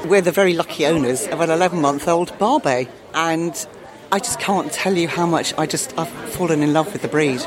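A woman's voice: sits low, normal speed, crowd noise. A middle-aged woman, a dog owner being interviewed, talking with gushing enthusiasm. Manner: enthusiastic, gushing, acts out voices. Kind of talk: casual interview chat. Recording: busy crowded exhibition hall.

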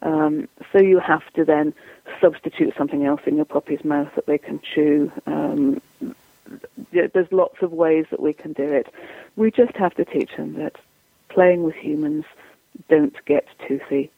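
This dog trainer's voice sits low, creaky and unhurried, with no echo on the tinny, dry phone line. Chatting through an interview, she explains her advice and plays out the lines of owners and dogs alike.

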